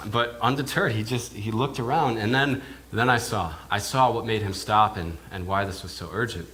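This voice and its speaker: A man, a minister, telling a sermon in character as a first-person eyewitness, halting and repeating words as he goes. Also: lowish voice, fairly bright tone. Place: church.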